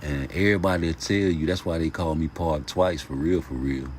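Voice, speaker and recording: A man hosting a casual boxing vlog, talking passionately in heavy street slang and profanity, jumping from loud outbursts to mumbled asides. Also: a bass voice, fairly quick, a little hiss or hum. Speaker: YouTube boxing commentator.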